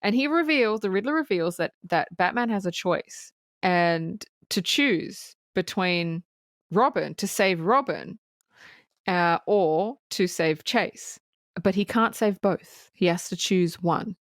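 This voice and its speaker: A woman co-hosting a movie podcast, retelling a film's plot with lively, profane enthusiasm and a ready laugh. Her voice sits at an ordinary pitch and sounds dry and close, with no room around it. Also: slow, no echo. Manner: animated storytelling, swears freely, laughs often. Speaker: podcast co-host. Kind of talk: casual movie-review chat.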